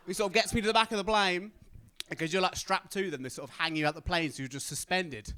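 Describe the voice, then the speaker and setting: A young man from Britain telling a stand-up story on stage, animated and acting out the other people's voices. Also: sits high, racing, clean tone. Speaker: stand-up comedian.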